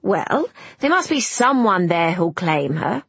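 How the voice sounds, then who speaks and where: A woman's voice: fairly low pitch, sing-song, takes it slowly, gravelly, husky, dry recording, exaggerated voice. A woman voicing a brusque, impatient male ship's doctor who speaks in short, dismissive orders. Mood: curt. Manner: curt, clipped and dismissive.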